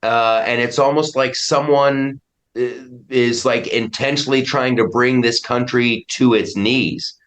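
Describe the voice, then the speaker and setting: A man's voice: medium pitch, fairly even intonation, unhurried, a bit bright. A middle-aged American man, a comedian guest, talking in a casual podcast chat, emphatic and opinionated, often restarting his sentences. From United States.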